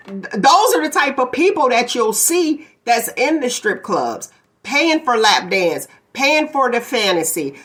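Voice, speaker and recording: A woman's voice: a little high, pushed and bright. A woman hosting a casual talk show, blunt and opinionated, laughing often as she gives her views. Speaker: podcast host. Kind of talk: casual chat.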